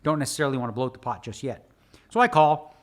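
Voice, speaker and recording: A man's voice: medium pitch, quick pace. A man breaking down his own poker hands in a conversational lesson, quizzing viewers with rhetorical questions. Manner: animated, conversational teaching. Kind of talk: spoken hand-analysis lesson.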